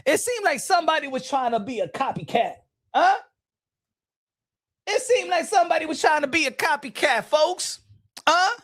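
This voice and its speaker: A man's voice: extremely high pitch, very animated, moderate pace, pauses often, a bit bright, dry recording, studio quality. A man hosting a casual reaction commentary, ranting in a mocking, profane way. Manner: profane, mocking, laughing rant. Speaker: commentary channel host.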